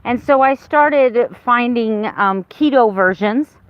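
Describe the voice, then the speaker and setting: She's a woman in her fifties who vlogs in a loose, candid way, with plenty of false starts as she chats to camera. Her voice leans high and she takes her time, all captured on lo-fi audio.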